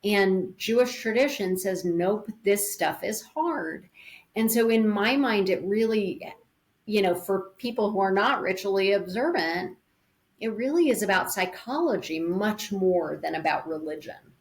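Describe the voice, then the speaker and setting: A woman's voice: mid-range voice, moderate pace. Earnest woman speaking about grief. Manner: earnest, thoughtful, explains with imagery. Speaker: podcast guest on grief. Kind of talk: reflective conversational interview.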